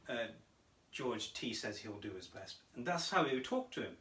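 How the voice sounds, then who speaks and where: With a mid-range voice at a moderate pace, this podcast co-host tells animated stories in casual chat and laughs a lot. The recording sounds roomy and echoey because the mic is far away.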